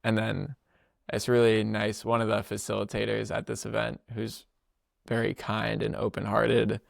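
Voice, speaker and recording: Low gravelly young man, rambling casually. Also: completely flat delivery, normal speed, dry recording, studio quality. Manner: rambling, laughs often, filler-heavy slangy speech. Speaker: podcast co-host. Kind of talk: casual storytelling chat.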